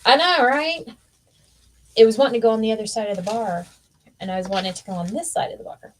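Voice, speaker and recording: A woman's voice: on the high side, quick pace, slight background noise. A woman hosting a crafting livestream, chatting casually and teasing while she works.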